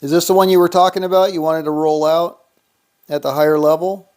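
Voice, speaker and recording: A man hosting a casual livestream, counting out money and reading viewer comments aloud in a relaxed, thinking-aloud way. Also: fairly high pitch, a little fast. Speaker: livestream host. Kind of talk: casual live-stream chat.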